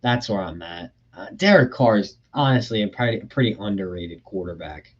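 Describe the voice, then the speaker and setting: A man's voice: lowish voice, lively intonation, brisk, slightly rough, dull audio. Young man ranting casually on a livestream. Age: young adult. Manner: casual and profane, reads out chat questions. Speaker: livestream host. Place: his bedroom.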